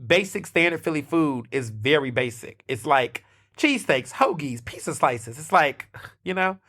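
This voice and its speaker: Sharp-toned and animated, a man from the United States with a fairly high voice narrates a story solo on his podcast at a moderate pace. He keeps it loose and conversational, tossing in fillers, false starts, and cheeky side comments.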